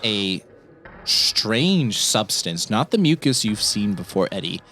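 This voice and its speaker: Low-ish male game master, measured and descriptive. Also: big pitch swings, bright, forceful tone, a little hiss or hum. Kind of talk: narrating a tabletop game.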